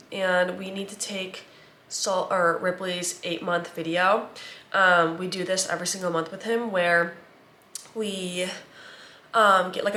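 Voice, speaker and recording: A woman's voice: fairly low pitch, sharp tone, roomy sound, a little hiss or hum. A young woman in her twenties, a new mother, chatting casually in a vlog with a stuffy, congested voice and lots of filler words. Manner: rambling, filler-heavy, chatty. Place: at home and in a car.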